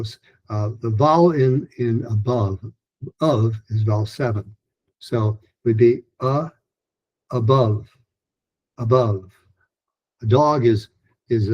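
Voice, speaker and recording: A man teaching pronunciation in a recorded lesson, chatty and full of restarts, who breaks into lively, higher-pitched drills of practice sentences. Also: lo-fi sound. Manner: chatty, with many restarts and fillers.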